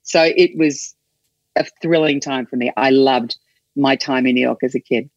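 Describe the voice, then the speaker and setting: Lively Australian woman, dull dry sound. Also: rumbling low, moderate pace, no room sound. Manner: animated, enthusiastic storyteller. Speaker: guest. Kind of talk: casual chat.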